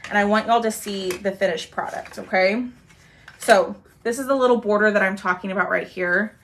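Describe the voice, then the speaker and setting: A woman's voice: mid-range voice, moderate pace, fairly bright tone, a little hiss or hum. A young woman hosting a chatty live craft stream, talking viewers through her work and thanking commenters as she goes. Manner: bubbly, talks to viewers while working, thanks commenters.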